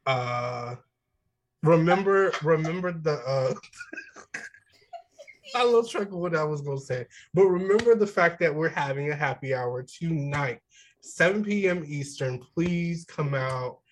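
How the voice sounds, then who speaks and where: A man co-hosting a podcast, talking in a loose, candid way full of jokes and slang. His voice sits a little high for a man, and he keeps it casual and chatty. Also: lively intonation, a little slow, slight background noise, rough recording. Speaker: podcast co-host. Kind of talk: casual chat.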